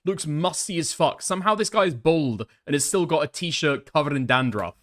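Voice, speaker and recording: A fairly high-voiced man delivers mocking commentary over a clip. His tone is sardonic and crude, with a dry, teasing edge. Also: expressive, normal speed, a bit bright. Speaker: commentary host.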